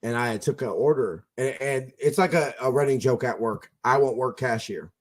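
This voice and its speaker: A man with a medium-pitched voice speaks at a normal speed. He hosts a casual fan podcast over an internet call, telling rambling stories packed with fillers and restarts.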